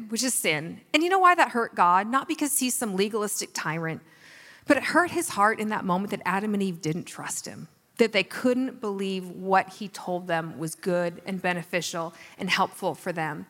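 A woman in her forties giving an earnest, animated faith talk, laughing at herself now and then. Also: mid-range voice, normal speed, in a large hall. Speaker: Christian speaker. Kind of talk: faith talk on money and tithing.

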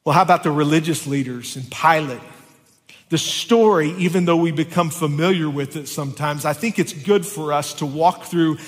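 A man's voice: on the high side, normal speed. A pastor preaching a sermon and reading scripture aloud, with emphatic rises in his voice. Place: church sanctuary. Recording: long reverb of a church hall.

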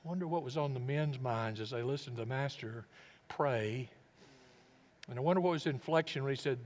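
A man preaching a sermon as a pastor, reflective and earnest, often dropping his voice low. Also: fairly quick, darkish tone. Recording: long reverb of a large hall.

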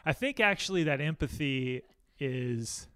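A man's voice: mid-range voice, expressive, unhurried, fairly bright tone, smooth. A man being interviewed as a guest, talking candidly and poking fun at himself, with lots of restarts. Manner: candid, self-deprecating, chatty with many restarts. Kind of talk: casual interview.

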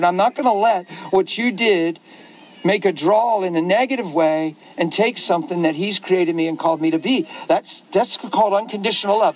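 Man preaching fervently in a high voice. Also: no room sound, low-quality recording. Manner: fervent, rising to emphatic exclamations. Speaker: pastor. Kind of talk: impassioned preaching in conversation.

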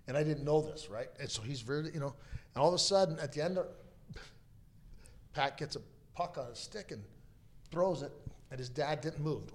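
Lively middle-aged man telling a story. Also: a little high, moderate pace, pauses often. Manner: animated, acts out the people he quotes. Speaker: guest, father of a pro hockey player. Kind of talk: casual storytelling.

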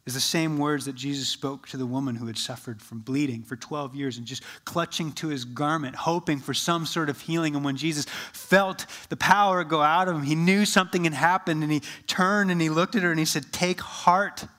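A man preaching a sermon as pastor, rising with energy, then dropping to a soft, slow hush for quoted words. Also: mid-range voice. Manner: shifts from lively to soft and slow when quoting Jesus.

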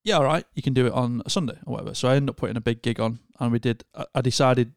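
A man tells a long story in casual podcast chat, circling back and restarting his sentences as he goes. His voice sits at an ordinary middle pitch. The sound is close and completely dry, with no room echo. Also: rapid-fire, gravelly. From Northern England. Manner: rambling storyteller with many restarts. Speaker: podcast co-host.

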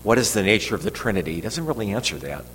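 Very animated and rapid-fire, an older man preaches a sermon in a lowish voice with a fairly bright tone. His personal story rambles, with frequent restarts and fillers, and the audio has long reverb and faint noise.

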